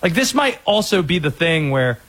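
A man with a fairly high voice talks in a loose, joking way. He co-hosts a casual conversation and slips into quick impressions. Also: slightly rough. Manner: animated, jokey, does quick impressions. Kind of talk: casual chat.

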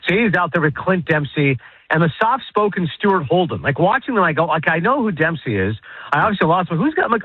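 A man, a guest on a sports radio show, ranting in rapid, animated, opinionated bursts over a phone call. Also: high voice, slightly rough, dry recording. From Canada. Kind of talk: casual sports radio chat. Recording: tinny phone line.

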